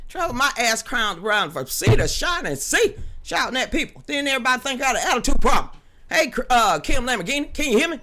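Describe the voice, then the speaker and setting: Woman host on a live stream, loud and blunt, jokes a lot, bright sharp voice that swings all over. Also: high-pitched, sing-song, brisk. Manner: loud, blunt and joking, laughs often, swears freely. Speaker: livestream host. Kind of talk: casual live-stream chat with viewers. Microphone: studio microphone with a level meter.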